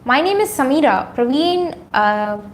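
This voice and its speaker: A woman's voice: sits high, lively intonation, a little slow, slight background noise. Chatty woman on a home livestream. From India. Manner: chatty, reads viewer comments aloud, many fillers. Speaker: YouTuber on a livestream. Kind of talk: casual livestream chat with viewers. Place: her room at home. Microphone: phone or camera on a tripod.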